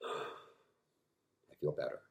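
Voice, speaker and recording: A vlogger speaks to camera in a very slow, impassioned, frustrated monologue. He swings from quiet stretches to loud emphatic outbursts, repeating words when worked up.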